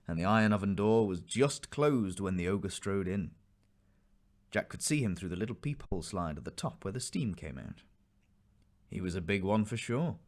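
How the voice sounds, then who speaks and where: A man narrating a classic fairy tale aloud in a measured, expressive reading. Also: lowish voice. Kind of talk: storybook reading.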